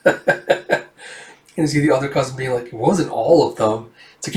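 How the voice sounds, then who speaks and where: A man casually recapping a comic book, voicing the characters' lines himself and jumping into loud shouts for the dramatic ones. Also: mid-range voice, steady tone, fairly quick. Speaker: manga reader recapping a comic. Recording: echoey room, far from the mic.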